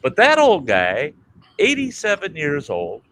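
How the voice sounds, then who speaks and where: A man from Minnesota hosting a casual chat stream, telling a family story in a colorful, animated way and swearing freely. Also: a little high, measured pace, a little hiss or hum, low-quality recording. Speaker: livestream host.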